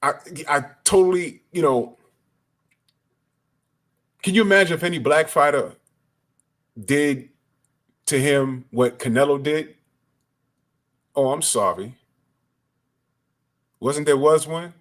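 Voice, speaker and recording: Man, boxing commentator, furious profane rant, slightly high voice. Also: takes it slowly, pauses often, a bit bright. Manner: angry, profane, emphatic. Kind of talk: ranting commentary.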